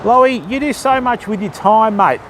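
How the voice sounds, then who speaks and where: A man's voice: high voice, normal speed, background noise. An Australian man live-streaming his fishing on a phone, chatting in a matey, easygoing way and greeting viewers by name. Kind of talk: casual live-stream chat.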